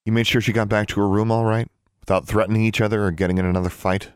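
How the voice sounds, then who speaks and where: Man doing a weary schoolgirl witch, brisk talk, dry close read. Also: on the low side, fairly even intonation, smooth, dry recording, voice pushed up, natural voice. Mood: tired. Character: determined young schoolgirl witch.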